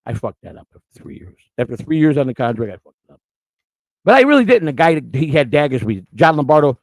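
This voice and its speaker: A middle-aged man telling stories in a blunt, profane, casual way, with fast run-on sentences and restarts. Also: a little high, very animated, no echo, rough recording. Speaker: storyteller recalling his work. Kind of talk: casual storytelling.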